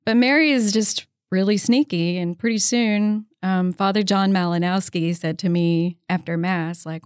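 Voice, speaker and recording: A woman in her fifties, speaking as an interview guest in a relaxed, chatty way with plenty of "um" and "you know." Her voice sits at a mid pitch. She tells her story with animation and acts out the people she quotes. The recording is close and dry. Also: normal speed, hardly any pauses, clear, resonant tone, dry recording. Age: 50s.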